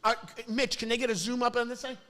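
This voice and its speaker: A man's voice: very high voice, fast talker. A man hosting a podcast, telling a story in a casual chat with lots of acted-out voices and laughter. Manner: animated storyteller, acts out voices, laughs often. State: sore mouth after dental work. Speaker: podcast host.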